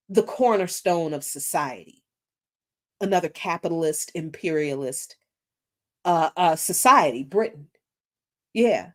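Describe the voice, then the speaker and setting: A woman hosting an unscripted political commentary stream. She talks slowly, her pitch swinging widely as she presses her points. She often hunts for the right word, with restarts and fillers, then lands blunt, forceful statements. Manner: searching for words, many fillers and restarts, blunt and emphatic.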